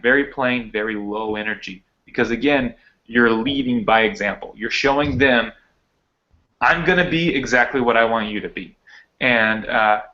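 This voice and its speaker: Man, dog trainer, co-host, energetic explainer, bright tense voice, lo-fi video call audio. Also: medium pitch. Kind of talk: casual live video chat.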